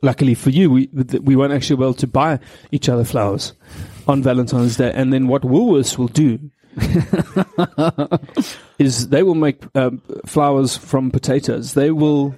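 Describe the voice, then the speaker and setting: A man's voice: medium pitch, fairly even intonation, moderate pace, mellow, no echo. Rambling, playful man. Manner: rambling storyteller, playful, laughs often. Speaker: radio co-host. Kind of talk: casual on-air banter.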